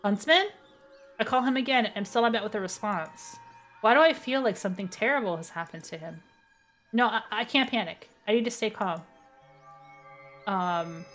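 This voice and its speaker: Woman, streamer, reads visual novel aloud, blunt, profane, excitable. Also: medium pitch, moderate pace, long pauses, soft background music. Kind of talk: reading a visual novel aloud with live reactions.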